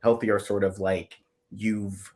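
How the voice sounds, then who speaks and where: A man's voice: lowish voice, fairly even intonation, normal speed, a bit bright. Rambling, hesitant male co-host. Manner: rambling, hesitant, thinks aloud. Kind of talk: casual live chat interview.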